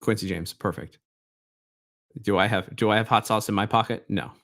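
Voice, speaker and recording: A middle-aged man hosting a reaction commentary show, sarcastic and mocking, dropping to mutters and then bursting out loud. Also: lowish voice, fairly even intonation, normal speed, creaky. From Southwest Baltimore, US.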